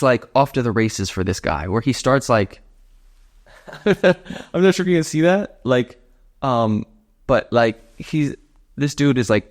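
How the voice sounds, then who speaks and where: A young man telling a story on his podcast, loose and casual, full of filler words. His pitch jumps up and down as he acts out quoted dialogue. The voice sits in a plain middle register. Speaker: podcast host. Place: indoor podcast set.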